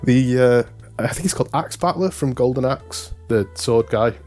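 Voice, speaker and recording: A man's voice: mid-range voice, normal speed, a little mellow, soft background music. A man co-hosting a podcast, talking in a casual, rambling way and often correcting himself. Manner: rambling, self-correcting, amused. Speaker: podcast co-host. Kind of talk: casual chat.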